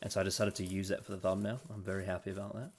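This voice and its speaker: A man hosts a relaxed podcast conversation in a slightly low voice. He laughs easily and stumbles through false starts, circling back before he finishes a thought. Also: racing. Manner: laughs often, trips over words. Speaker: podcast host. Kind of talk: casual podcast chat.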